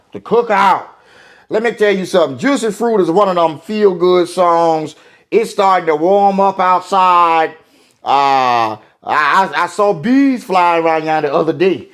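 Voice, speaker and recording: An older man, a singer talking in an interview in a rambling, folksy way with many fillers and restarts. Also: sits high.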